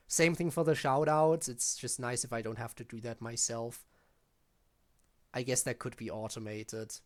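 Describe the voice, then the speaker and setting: Chatty streamer with quick asides. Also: medium pitch. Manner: chatty, reacts with short asides. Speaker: game streamer. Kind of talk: casual live-stream commentary. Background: game music.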